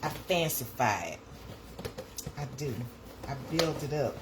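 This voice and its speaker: Low-voiced Southern woman chatting live. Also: very animated, measured pace. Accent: Southern US, Georgia. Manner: chatty, repeats her phrases, talks to viewers. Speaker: livestream host. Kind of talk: casual live chat while making breakfast. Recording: noisy home livestream audio.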